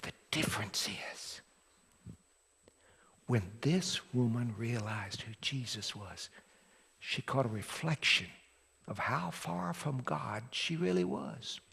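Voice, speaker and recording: A man preaching a sermon as pastor, telling the story dramatically and swinging from loud to hushed. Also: medium pitch, takes it slowly, vocal fry, slightly rough. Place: church sanctuary. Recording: long hall reverb from a church.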